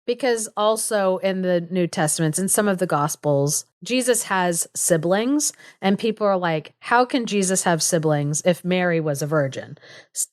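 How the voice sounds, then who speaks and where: A woman's voice: on the low side, no echo, clean studio sound. A young woman co-hosting a podcast, casually retelling a fairy tale with lots of "like" and small laughs. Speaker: podcast co-host. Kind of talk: casual storytelling chat.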